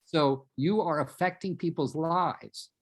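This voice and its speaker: A man's voice: on the high side, takes it slowly, husky. A man coaching on a live call, earnest and emphatic in a motivational way. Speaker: real estate coach.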